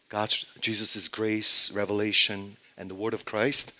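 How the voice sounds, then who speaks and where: Preacher swinging between booming and whispered. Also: male voice, flat delivery, measured pace, few pauses. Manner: swings from loud emphatic statements to hushed whispers, repeats phrases. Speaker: pastor. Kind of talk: sermon.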